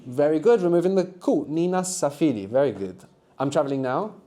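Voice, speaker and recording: Mellow-voiced man teaching a language class. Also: fairly high pitch, lively intonation, fairly quick. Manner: patient, encouraging, explains step by step. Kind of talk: live classroom workshop teaching. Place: university classroom.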